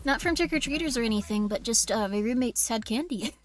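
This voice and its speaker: A woman's voice: fairly high pitch, lively intonation, fast talker, hardly any pauses, soft background music. Bubbly, giggly young woman streamer. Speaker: horror game streamer. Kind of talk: casual live-stream chat.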